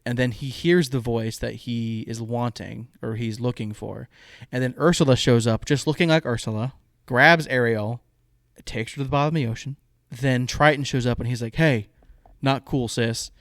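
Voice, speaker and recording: This podcast co-host speaks at ordinary pitch and normal speed, keeping things relaxed and chatty. He retells a story peppered with lively quoted asides. The sound is dry and close, with no room around it.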